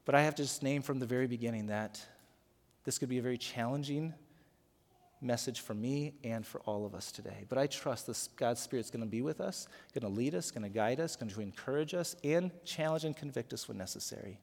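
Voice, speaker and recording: A man's voice: mid-range voice, brisk, creaky, darkish tone, long reverb tail. A man preaching a sermon as pastor, earnest and emphatic, leading prayer and guiding the congregation. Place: worship center.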